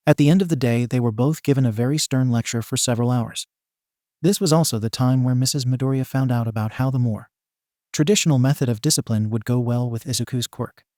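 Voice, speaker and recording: Guy reading a goofy story out loud, wry asides, warm dark voice. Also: medium pitch, fast talker, dry recording, clean studio sound. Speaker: narrator. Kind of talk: storybook narration.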